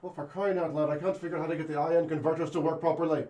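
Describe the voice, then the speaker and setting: A man's voice: a little high, level tone, rapid-fire, darkish tone, lightly acted. A man playing a fussy, chatty priest aboard a space station in an improv scene, in a mock Irish accent.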